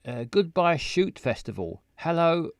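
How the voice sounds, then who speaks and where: A man's voice: on the high side, big pitch swings, measured pace, no echo, studio quality, voice pushed up. A man reading the lines of an anxious, dramatic young woman protagonist in a game. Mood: fretful. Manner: fretful, dramatic.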